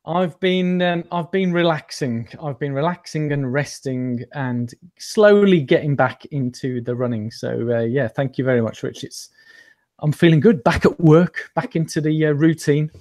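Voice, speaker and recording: A man's voice: on the high side, normal speed, darkish tone. A man telling his story as an interview guest in a rambling, self-deprecating way, with many ums and restarts. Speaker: interview guest, amateur runner. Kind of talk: casual storytelling chat.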